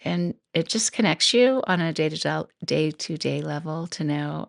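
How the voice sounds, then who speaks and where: Chatty woman with a gravelly low voice. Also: moderate pace, no echo, clean studio sound. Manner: chatty, laughs often, thinks out loud. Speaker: podcast host and coach. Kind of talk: casual solo podcast talk.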